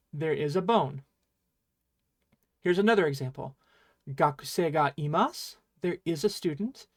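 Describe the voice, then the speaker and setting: A teacher giving an online Japanese lesson, explaining patiently and playfully, with dramatic emphasis on the example sentences. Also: mid-range voice.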